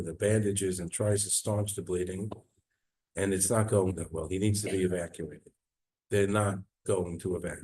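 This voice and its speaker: Rabbi, male, low mellow voice; earnest sermon storyteller, goes soft and quiet at grief. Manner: earnest, retells dramatic quotes, voice drops low and soft at sad moments. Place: synagogue.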